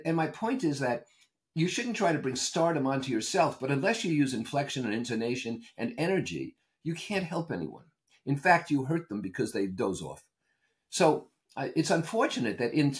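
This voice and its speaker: Animated older man telling stories. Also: a little high. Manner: animated storyteller, emphatic and opinionated. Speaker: guest consultant and author. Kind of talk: conversational interview answers.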